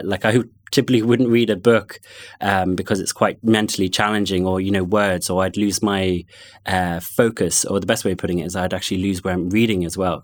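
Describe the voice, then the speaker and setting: A middle-aged man with a London accent tinged with Connemara, thoughtfully recounting his own experience with many pauses and restarts. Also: low voice. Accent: London with touches of Connemara. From born in London, family from Galway. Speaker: guest sharing personal experience. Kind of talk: reflective personal account.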